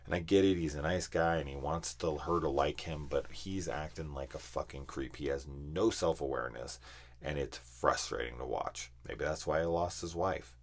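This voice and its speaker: Very deep-voiced man ranting profanely. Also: moderate pace. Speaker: film reviewer. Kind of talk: casual ranting review.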